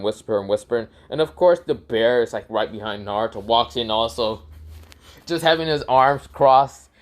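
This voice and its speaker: Animated, cursing young-sounding male storyteller. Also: medium pitch. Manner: animated, swearing, laughing often. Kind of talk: improvised fan story narration.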